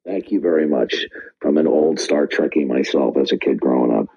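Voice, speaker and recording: Deep husky man hosting a call-in debate. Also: normal speed, lo-fi sound. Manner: forceful, interrupts, repeats "okay?". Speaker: debate room host. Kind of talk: live online call-in debate.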